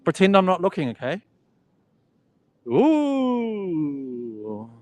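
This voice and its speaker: A man with a slightly raised pitch walks through an enormous indoor exhibition hall on a live stream. He films on a handheld phone and chats loosely with his viewers. He laughs easily and wonders aloud about what he sees. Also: huge pitch swings, extremely slow, a little mellow. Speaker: vlogger touring an expo. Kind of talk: casual live walking tour. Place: huge indoor expo hall.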